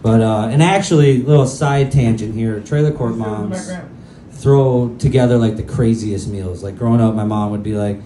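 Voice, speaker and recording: A male comedian works a crude, self-mocking set in a loose, rambling manner. His mid-pitched voice is mellow and relaxed. A handheld mic catches a roomy club sound with faint ambience. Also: moderate pace, slight background noise. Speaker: stand-up comedian. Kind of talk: stand-up set.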